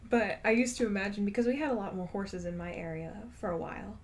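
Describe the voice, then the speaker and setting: A woman's voice: medium pitch, fast talker. A woman streamer chatting casually while gaming, rambling and laughing often. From Texas.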